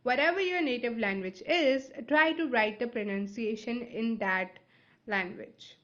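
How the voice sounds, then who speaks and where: A woman's voice: a little high, unhurried, fairly bright tone, dull audio. A woman teaching vocabulary in a video lesson. English is not her first language. She explains step by step and keeps checking in with "right?" and "okay?".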